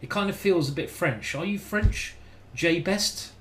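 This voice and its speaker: A man's voice: high voice, a little slow, a bit bright, a little hiss or hum. A man giving casual live-stream chess commentary, thinking aloud and chatting with his viewers. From United Kingdom.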